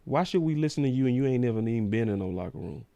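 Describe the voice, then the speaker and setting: A man's voice: mid-range voice, animated, rapid-fire, gravelly, dark tone, dry recording, lo-fi sound. A man hosting a sports talk show, ranting in a casual, slangy way.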